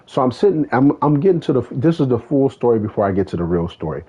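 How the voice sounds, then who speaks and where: A man's voice: mid-range voice, sing-song, quick pace, dark tone, breathy edge. A man streaming a racing game, chatting casually and telling a rambling story with lots of swearing. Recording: tinny phone-like sound.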